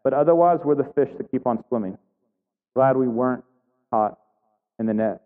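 A man's voice: medium pitch, normal speed. A man giving a conversational sermon, full of questions and restarts. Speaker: pastor. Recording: tinny phone-like sound in a reverberant hall.

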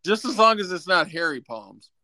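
A wisecracking man co-hosts a comedy radio show, tossing out casual curses and teasing jokes. His voice is bright and swings widely in pitch, picked up on a close, dry studio mic. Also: animated, moderate pace, dry recording. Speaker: radio co-host. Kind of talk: joking comedy radio banter.

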